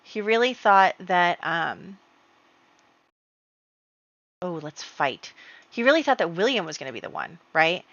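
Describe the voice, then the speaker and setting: Chatty woman narrating a game, bright. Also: fairly low pitch, sing-song, dry recording. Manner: chatty, storytelling with many fillers and quick acted quotes. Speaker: gameplay narrator. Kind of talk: casual gameplay commentary. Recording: dull, lo-fi home mic.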